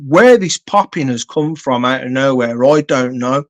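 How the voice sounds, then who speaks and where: A man's voice: mid-range voice, lively intonation, normal speed, hardly any pauses. Casual male streamer: blunt, sweary, rambling, mid-range voice, lots of ums and uhs. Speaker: live streamer. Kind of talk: casual live-stream storytelling.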